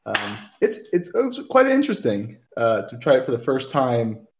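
Man, podcast co-host, laid-back, hesitant, mid pitch. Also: huge pitch swings, moderate pace. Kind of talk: casual chat.

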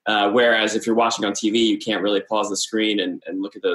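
Steady man explaining in a roomy space. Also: lowish voice, fast talker. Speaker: animated series co-creator. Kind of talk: casual chat.

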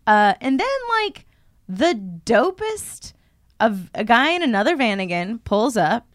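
A woman's voice: a little high, unhurried, no room sound, studio quality. A woman co-hosting a podcast, telling a story in casual chat and acting out quotes with lots of fillers. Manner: animated, acts out quotes with many fillers. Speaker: podcast co-host.

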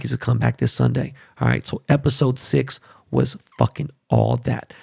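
A gravelly middle-aged man talks into a close podcast mic in a very dry room. He rambles casually and swears a lot, and his voice climbs high and loud when he gets worked up. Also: steady tone, fairly quick, no room sound. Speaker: podcast host. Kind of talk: casual chat.

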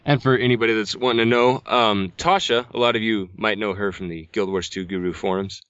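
Fast-talking jokey male podcast host. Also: fairly low pitch, fairly even intonation, a bit bright, clean tone, no echo. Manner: jokey, self-deprecating. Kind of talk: casual chat. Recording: dull lo-fi audio.

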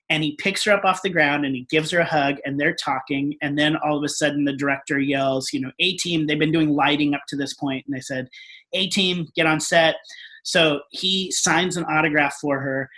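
A man telling a story in casual conversation, animated and acting out the quotes as he goes. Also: a little high, brisk. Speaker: guest.

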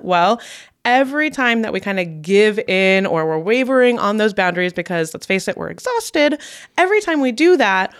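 A woman's voice: mid-range voice, sing-song, moderate pace. A woman in her thirties co-hosting a parenting podcast, chatting candidly, swearing freely and laughing often. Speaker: podcast co-host. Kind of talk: casual chat.

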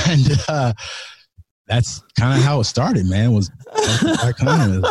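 A man's voice: medium pitch, lively intonation, measured pace, a little mellow, slightly rough, dry recording. A man from California, a podcast guest, talking in a loose, slangy way, swearing freely and restarting his sentences. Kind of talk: casual chat.

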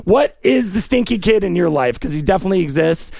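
A man's voice: sits high, lively intonation, fast talker, gravelly, darkish tone, dry recording, clean studio sound. A man hosting a comedy show, delivering a rambling, profane, improvised rant that slips into a sing-song lilt.

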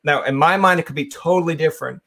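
A man from Canada hosting a casual podcast interview, acting out imagined dialogue with big pitch swings. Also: fast, gravelly, pushed and bright. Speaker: podcast host.

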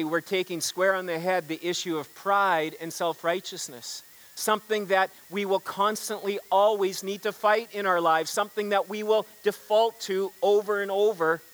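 A male pastor with a high-pitched voice preaching in church. He tells stories in a conversational way, stumbles over repeated words, and has the congregation call out responses. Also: a bit bright, poor audio. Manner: frequent repeated words and restarts. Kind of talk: sermon.

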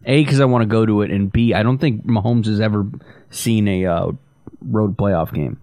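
A man co-hosting a sports podcast, talking in an offhand, halting way. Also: lowish voice, warm tone, no room sound. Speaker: podcast co-host. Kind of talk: casual sports podcast talk.

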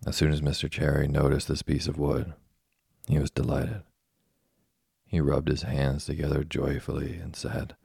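A man reading a classic children's story aloud as a slow, soft, monotone sleep story. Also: extremely low pitch, gravelly, breathy edge, dry recording, studio quality. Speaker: narrator. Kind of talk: scripted sleep story narration.

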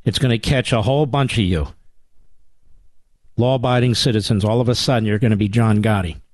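A man's voice: on the low side, brisk, a little mellow, dry recording. Male radio host, indignant, emphatic, dry close studio sound. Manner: indignant, emphatic, repeats lines for effect. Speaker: radio talk show host. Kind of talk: talk radio monologue and calls.

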